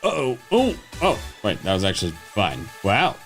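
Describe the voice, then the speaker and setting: A woman streamer commentating her gameplay casually, dropping to low mutters and jumping to high excited yelps. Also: normal speed, soft background music. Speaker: game streamer.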